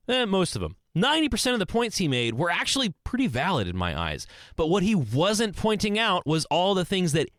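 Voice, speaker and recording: Young guy rambling earnestly on his podcast, voice jumps up and down a lot, kinda high, dead dry sound. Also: fairly bright tone, no room sound. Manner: earnest, rambling, with many restarts and swings in pitch. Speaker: podcast host. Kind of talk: casual solo monologue. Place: small closet.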